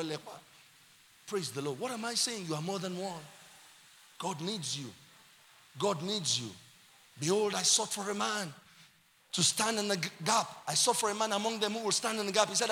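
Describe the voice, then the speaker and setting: A male pastor with a Nigerian accent preaches an animated sermon, slipping into quiet asides and building to shouted climaxes. His high voice is bright and sharp, and a long church-hall reverb trails each phrase over slight background noise.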